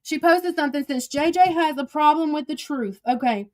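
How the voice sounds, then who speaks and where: A woman hosts a casual livestream, chatting with viewers and swearing freely. She heats up quickly, and her voice sits slightly high. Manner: chatty, profane, quick to get heated. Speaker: livestream host.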